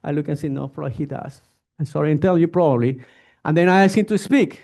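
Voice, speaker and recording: Man, doctor, informal lecture, acts out patients, higher-pitched, mellow tone. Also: quick pace. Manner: animated, acts out patient exchanges. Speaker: physician.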